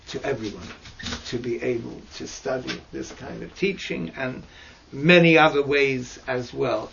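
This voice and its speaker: A man teaching mystical texts in a slow lesson over a video call, hesitant and searching for words with fillers and restarts. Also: gravelly, a bit bright. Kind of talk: slow explanatory lesson with many pauses. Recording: dull low-fi audio with faint noise.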